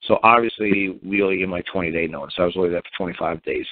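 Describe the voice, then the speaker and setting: A man tells a rambling story bluntly and colloquially, leaning hard on his points. His voice sits fairly low. It comes through a tinny, dry phone line with no room sound. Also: very fast, no echo. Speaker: speaker on common law. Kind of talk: rambling anecdotal talk.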